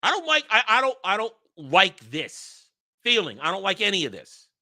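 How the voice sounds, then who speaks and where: A man delivering an angry, profane rant as the host of a commentary channel, sometimes breaking into shouts. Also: sits high, wildly swooping pitch, normal speed, no echo, studio quality. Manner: heated, profane, shouting at times.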